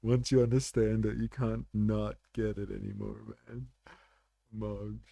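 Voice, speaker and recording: Gravelly man, casual livestream host. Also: fairly low pitch, level tone, a little slow, mellow, no echo. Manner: blunt, swears freely, chatty with many "like" fillers. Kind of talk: casual livestream chat, reading viewer comments.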